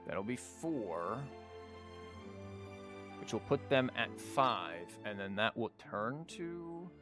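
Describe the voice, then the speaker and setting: Speaking slowly in an expressive, lowish voice, a man with a sore throat who is losing his voice comments casually on a card game. He's a streamer and teacher, rambling with fillers while game music plays.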